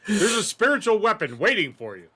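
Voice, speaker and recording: A man's voice: high-pitched, very animated, fairly quick, a crowd in the background, voice pushed up. A man voicing a friendly male adventuring companion in a tabletop game, in a chummy, teasing way.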